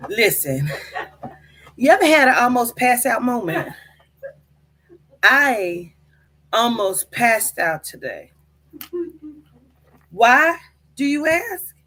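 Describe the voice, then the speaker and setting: A woman vlogging, telling a comic story to camera in an animated, profane way, with bursts of laughter. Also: fairly high pitch, takes it slowly, long pauses. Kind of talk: casual comedic storytelling to camera.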